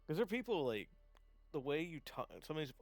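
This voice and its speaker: A man chatting casually on a live gaming stream, rambling with lots of fillers and restarts, laughing often and getting excited. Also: on the high side, fast, no room sound. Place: home setup, gaming stream.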